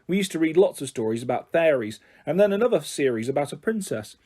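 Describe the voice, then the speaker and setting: Male storyteller for a children's novel; calm, even, mellow delivery. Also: on the high side, quick pace, breathy edge. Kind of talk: reading a children's novel aloud.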